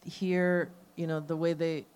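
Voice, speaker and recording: A woman moderating a panel, chatting in a relaxed, good-humored way. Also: low voice, unhurried, a little hiss or hum. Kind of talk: casual closing remarks.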